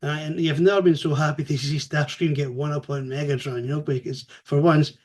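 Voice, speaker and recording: A man giving a casual spoken review, animated and chatty, swearing freely as he retells the story. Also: fairly high pitch, brisk.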